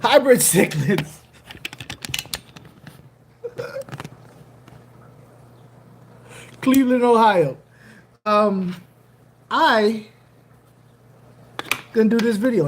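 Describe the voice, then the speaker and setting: An aquarium channel host chatting casually on a livestream, animated and joking, often repeating phrases. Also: mid-range voice, a little slow, pauses often, slight background noise.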